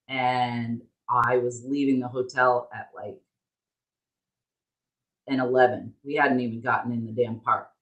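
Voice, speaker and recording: A woman co-hosting a podcast, telling a story in an animated, candid way and swearing freely. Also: rumbling low. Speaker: podcast co-host. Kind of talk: casual storytelling chat. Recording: roomy echo.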